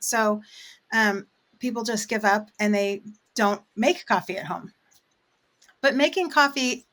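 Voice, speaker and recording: A woman's voice: a little high, fairly bright tone. Chatty woman explaining coffee roasting. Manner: chatty and explanatory, frequent fillers. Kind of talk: casual interview chat.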